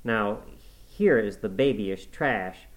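A man's voice: on the low side, expressive, slow pace, poor audio. A man reading aloud and voicing a stern middle-aged housekeeper who scolds a girl with scorn. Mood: scornful.

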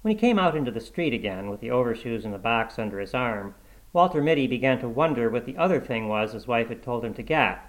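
A man's voice: mid-range voice, animated, fast talker, poor audio. Man reading a short story aloud. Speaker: narrator.

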